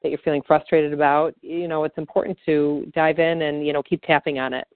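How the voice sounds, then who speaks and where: A woman's voice: deep voice, flat delivery, a little fast, no echo. Chatty woman on a tinny call. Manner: chatty, many fillers. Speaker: tapping practitioner. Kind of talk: guided tapping and casual chat. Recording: tinny phone-like call audio.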